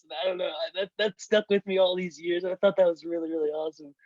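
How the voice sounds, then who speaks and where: A young man giving a hurried, rambling tribute to a friend, full of fillers and restarts. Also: fairly high pitch, fairly even intonation, a little mellow, no echo, dull audio. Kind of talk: casual video-call tribute.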